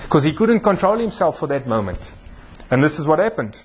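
A husky man with a South African accent preaches a sermon in a church, with a voice pitched a little high. He teases a volunteer with a playful humor and builds emphasis as he preaches. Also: very animated, brisk. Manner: jokey, teasing with a volunteer, preaching with rising emphasis. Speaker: pastor. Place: church hall.

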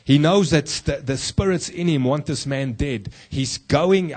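A male pastor preaching a sermon, husky-voiced, throwing rhetorical questions to the congregation and slowing down low for key points. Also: darkish tone.

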